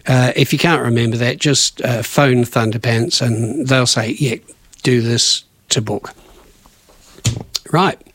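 A man's voice: mid-range voice, fairly bright tone, no echo. A man hosting local radio, chatting casually and rambling through event notices with self-corrections. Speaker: radio host.

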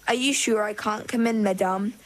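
A woman's voice: mid-range voice, fairly even intonation, moderate pace, close to an everyday voice. A woman voicing a young mergirl who pleads eagerly to be allowed to help, read from a storybook. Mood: pleading. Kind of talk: storybook reading.

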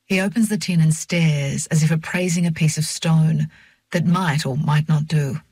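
An older woman reads a first-person story in a measured, reflective voice. Her tone is husky and breathy. The recording is close and dry, with no room sound. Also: low voice, steady tone, a little mellow, no room sound. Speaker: narrator. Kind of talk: first-person audiobook narration.

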